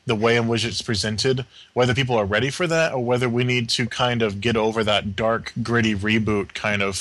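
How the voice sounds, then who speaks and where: A man's voice: medium pitch, steady tone, a little fast, a bit bright. A man hosting a podcast, laying out the topics in casual talk. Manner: lays out topics, teasing. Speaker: podcast host. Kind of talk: casual group chat.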